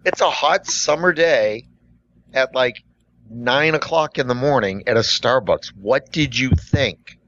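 A man's voice: mid-range voice, unhurried. A middle-aged man with a mid-range voice spins a story from his job in casual conversation. He rambles, stacking up "like"s and false starts. The recording is dull and lo-fi. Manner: rambling, full of "like" and restarts, animated. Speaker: podcast co-host and coffee shop worker.

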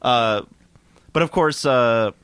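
A man in his thirties co-hosting a casual movie review chat, animated and quick to laugh. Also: mid-range voice, clean tone, no room sound. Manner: animated, laughs often, breaks into mock voices. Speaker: podcast co-host.

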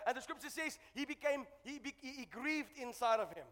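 A man preaching a sermon as pastor to his congregation, building to shouted exhortations and dropping to chatty asides. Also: extremely high pitch, lively intonation, fairly quick, hardly any pauses, in a large hall. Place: church.

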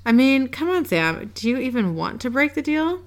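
A woman's voice: high-pitched, sing-song, moderate pace, voice pushed up. Woman reading as a sly mocking demon. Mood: taunting. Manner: mocking, teasing. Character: sly taunting female crossroads demon.

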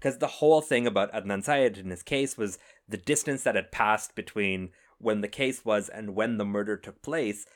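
A man with a fairly low voice talks casually on a podcast about films. He tells stories in an animated, excitable way, often cutting himself off mid-thought. His pitch sits a little below most men's. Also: normal speed, few pauses. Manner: excitable, animated storytelling with self-interruptions. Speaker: podcast co-host. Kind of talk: casual film discussion.

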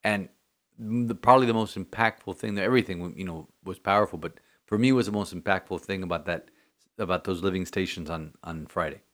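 A man's voice: low-pitched, brisk, a bit bright. A man, a Catholic priest, chatting earnestly on a podcast, rambling with many restarts. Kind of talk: casual podcast chat.

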